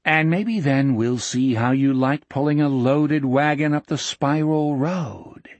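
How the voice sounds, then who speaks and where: A man voicing a smooth, falsely gentle preacher who speaks in a low, mellow, sanctimonious tone. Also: takes it slowly, dry recording, lo-fi sound. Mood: soothing menace. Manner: calm, sanctimonious, quietly menacing.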